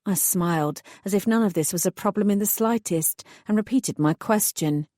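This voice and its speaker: A woman reading a first-person audiobook in a measured, wry voice. Her pitch sits in a middle range, and the recording is dry and close with no room sound. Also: mellow, no room sound. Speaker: audiobook narrator.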